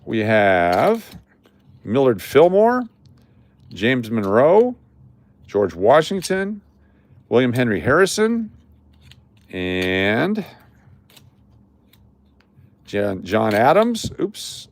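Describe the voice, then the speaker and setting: A man's voice: medium pitch, wildly swooping pitch, extremely slow, long pauses, no echo. A man hosting a casual live stream, chatty and repetitive, calling out viewers by name as he hands out prizes. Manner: chatty, repeats names, calls out viewers. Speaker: livestream host running coin giveaways.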